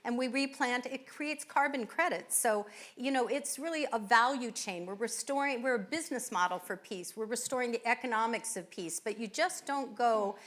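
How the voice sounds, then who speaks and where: A woman's voice: on the high side, normal speed, few pauses, a bit bright. A woman hosting a live event, introducing guests with effusive thanks and frequent fillers. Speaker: event host. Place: winery event venue.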